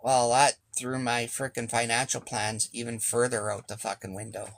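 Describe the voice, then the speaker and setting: A man's voice: mid-range voice, flat delivery, moderate pace, vocal fry, a bit bright. A man telling a casual, rambling story as a sailing vlogger, swearing freely and acting out what people said. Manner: rambling, profane, acts out quoted speech.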